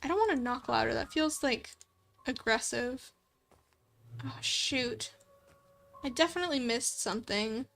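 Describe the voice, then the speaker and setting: A woman's voice: fairly high pitch, expressive, a little slow, gravelly, long pauses, a bit bright. A young adult woman streamer in casual let's play commentary, chatty and giggly, thinking aloud. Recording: faint background music.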